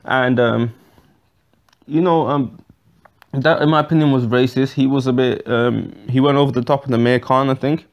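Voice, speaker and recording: A man's voice: mid-range voice, fairly even intonation, normal speed, muffled recording. A man giving his opinions in a casual boxing vlog, rambling with many restarts and fillers and swearing bluntly. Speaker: boxing vlogger.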